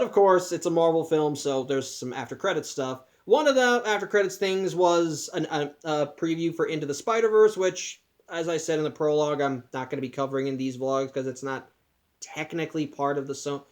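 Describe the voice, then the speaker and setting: A man's voice: a little high, normal speed. Chatty man recapping a film. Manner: chatty, many restarts and asides. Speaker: podcast host.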